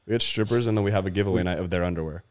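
A man co-hosting a casual sports podcast, brash and crude with quick comebacks. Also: low-pitched. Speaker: podcast co-host.

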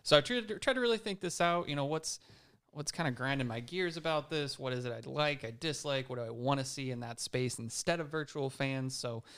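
Regular-voiced guy cohosting a basketball pod, kinda hesitant, thinks out loud. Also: mid-range voice, a little fast, clean tone. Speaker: podcast co-host. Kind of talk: casual sports podcast chat.

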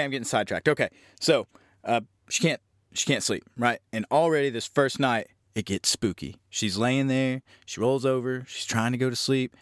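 A man's voice: mid-range voice, no echo, clean studio sound. A man recapping a horror film for his podcast, rambling and swearing as he tells the story. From Southern Louisiana. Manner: rambling, profane, animated storytelling. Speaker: podcast host reviewing a film. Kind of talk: casual spoken movie recap.

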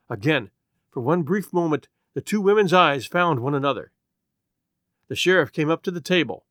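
A man narrates a story in an audiobook, with a lively, expressive voice that moves over a wide pitch range. His tone sits slightly high, and the recording is dry and close with no room sound. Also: brisk, dry recording.

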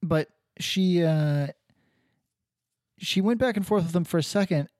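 A man co-hosting a podcast talks in a loose, rambling way, with sardonic asides and plenty of swearing. His voice sits a little high for a man. The sound is close and dry, with no room echo. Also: measured pace, darkish tone. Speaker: podcast co-host. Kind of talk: casual podcast chat.

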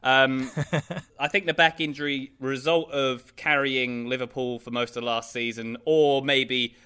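A man's voice: medium pitch, fairly even intonation, a little slow, pushed and bright, clean tone. A man co-hosting a casual football podcast, joking and laughing as he talks. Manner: joking, mock impressions, laughs often. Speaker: podcast co-host.

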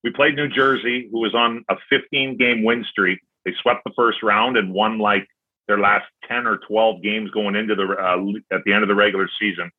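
A former hockey player chats as a guest, telling a story with lively reenactment. His voice sits low with a husky edge. The sound is thin and phone-like. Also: normal speed. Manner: animated, acts out his own past remarks. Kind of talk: casual storytelling.

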